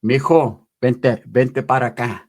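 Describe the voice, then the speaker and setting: A man voicing a gruff, laid-back immigrant father with a Mexican Spanish accent, speaking slow broken English mixed with Spanish. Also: medium pitch, fairly even intonation, pitched below the performer's own voice, natural voice. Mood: beckoning.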